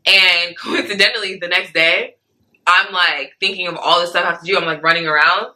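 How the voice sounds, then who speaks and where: A young woman with a very bright, sharp voice tells a story as an interview guest. She is animated, acts out what other people said, and keeps checking in with "right?" and "like". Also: lowish voice, a little fast, poor audio. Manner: animated, acts out quoted speech, many "like" and "right?" fillers. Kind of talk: casual storytelling.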